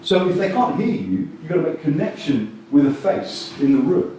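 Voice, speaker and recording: A man delivers an animated keynote at a conference, his pitch jumping all over as he jokes and acts out little scenes. He sits a bit high for a man and sounds far from the mic. A big echoey hall rings around him, with faint room noise underneath. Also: normal speed. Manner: lively, jokey, acts out quotes in voices. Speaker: conference speaker.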